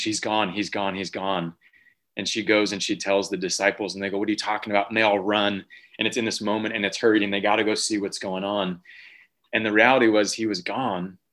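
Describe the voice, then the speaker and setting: A man's voice: on the low side, sharp tone. A man in his thirties, a pastor preaching an Easter sermon over a video call, telling a family story in a conversational way before reading Scripture aloud.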